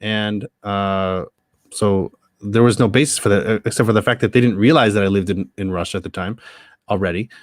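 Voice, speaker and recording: A man's voice: fairly low pitch, fairly even intonation, a little fast, dry recording, clean studio sound. A man chatting casually as a panel guest, laughing often and restarting his sentences. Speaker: panel guest, copy editor. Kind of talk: casual chat.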